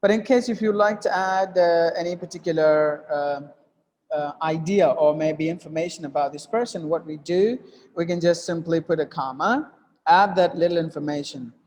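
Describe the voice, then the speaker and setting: A man's voice: a little high, moderate pace, darkish tone, long reverb tail. A man teaching an English lesson while writing on a board, with many fillers and restarts, often repeating "look at that.".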